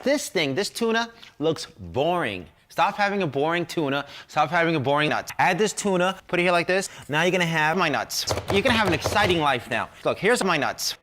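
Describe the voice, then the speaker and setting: A man pitching a kitchen gadget in an infomercial, his voice high and bright with a sharp edge. He swings up and down constantly, hammering short emphatic lines in a pushy, rapid-fire sell. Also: sing-song, slight background noise.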